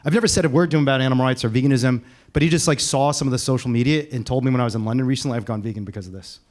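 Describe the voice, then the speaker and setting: A man speaking on a panel as an animal rights activist, animated and laughing as he tells stories. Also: medium pitch. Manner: animated, fast, laughing storyteller. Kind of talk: casual panel talk.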